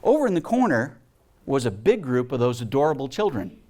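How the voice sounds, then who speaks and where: A man's voice: medium pitch, fairly quick. A man giving a heartfelt storytelling talk to a spiritual community, acting out the voices of people in his stories. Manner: animated storyteller, acts out voices. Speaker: guest speaker and musician.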